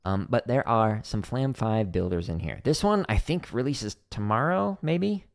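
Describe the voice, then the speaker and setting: A man's voice: fairly low pitch, lively intonation, normal speed, creaky. A middle-aged man hosting a drum practice livestream, chatty and explaining exercises step by step with casual fillers.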